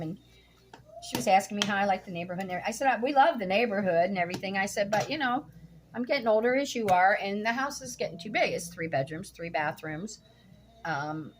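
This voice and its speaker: A woman's voice: mid-range voice, fairly bright tone, a little hiss or hum. Blunt, indignant middle-aged woman vlogger. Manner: blunt, indignant, swears freely. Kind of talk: casual storytelling vlog while cooking.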